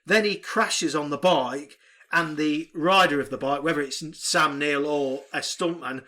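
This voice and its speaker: A man co-hosting a casual film podcast, recapping the plot in an animated, sweary way and putting on quick mock voices. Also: fairly high pitch. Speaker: podcast co-host. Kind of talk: casual film review chat.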